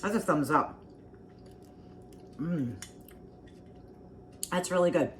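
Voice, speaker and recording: A woman's voice: fairly low pitch, lively intonation, takes it slowly, slight background noise. A woman hosting a casual cooking vlog, homey and talkative, repeating herself and humming as she tastes. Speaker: cooking vlogger.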